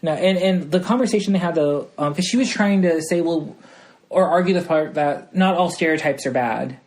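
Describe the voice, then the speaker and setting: A woman's voice: fairly low pitch, normal speed, a little mellow. A woman co-hosting a casual podcast, speaking bluntly and swearing freely. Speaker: podcast co-host.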